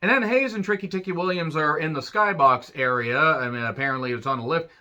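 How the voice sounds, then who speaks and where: A man rambles through a casual solo review of a wrestling show, full of sarcastic asides and grumbling jokes. His voice is very bright and forward, sitting a little high for a man. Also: brisk.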